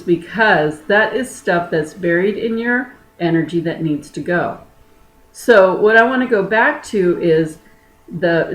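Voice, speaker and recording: A woman's voice: fairly low pitch, echoey room, rough recording. A woman energy healer giving a frank, emphatic motivational talk in a casual, blunt manner.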